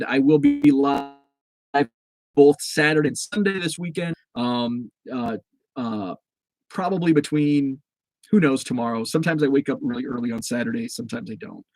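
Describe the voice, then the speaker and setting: A man's voice: mid-range voice, darkish tone, no room sound, poor audio. Rambling male livestream host, dry sound. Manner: rambling with many fillers and restarts; reads out and answers viewer comments. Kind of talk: casual live-stream chat.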